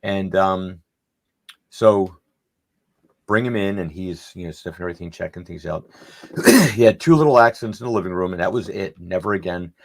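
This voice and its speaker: With a voice that sits low and a moderate pace, this middle-aged man on a podcast panel wanders through a long anecdote. He performs the dialogue of the people in his story along the way.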